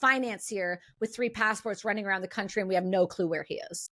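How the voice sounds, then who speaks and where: A woman hosting a sit-down interview, speaking bluntly and fast with strong opinions. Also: medium pitch, pushed and bright. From Canada. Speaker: host.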